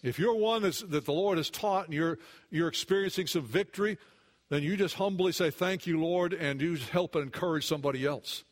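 Earnest high-voiced male preacher. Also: a little fast. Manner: earnest, swings between hushed and raised. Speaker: pastor. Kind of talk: sermon.

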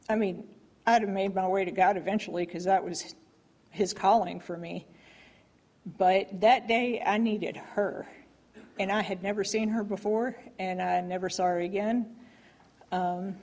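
A woman's voice: mid-range voice, a little mellow. Woman giving a rambling church testimony. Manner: rambling and heartfelt, full of fillers and restarts.

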